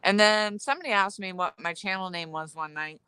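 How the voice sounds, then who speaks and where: A woman's voice: mid-range voice, a little fast, bright, forceful tone, clear, resonant tone, no room sound, low-quality recording. A woman hosting her channel, telling long, wandering stories with laughs while sitting outdoors by a campfire at night, on a headset mic. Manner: rambling, laughing storyteller. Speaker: channel host. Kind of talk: casual campfire chat.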